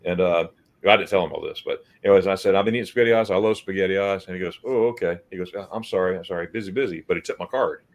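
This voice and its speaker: Racing through his words in a low voice, an American livestream host chats casually and tells stories in a loose way. He trips over repeated words and acts out what the people in his stories said.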